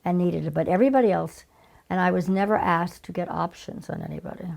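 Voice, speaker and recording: An older woman with a deeply gravelly, rough-edged voice sitting lower than most women. She tells her stories with lively energy, slipping into the voices of the people she quotes, in a relaxed interview. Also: fast. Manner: animated storyteller, acts out quoted people. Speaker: guest, casting director. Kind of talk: casual interview storytelling.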